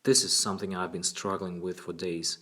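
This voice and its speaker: A man's voice: low-pitched, flat delivery, a little fast, a bit bright. A man voicing an earnest, persuasive woman psychologist in an audiobook reading.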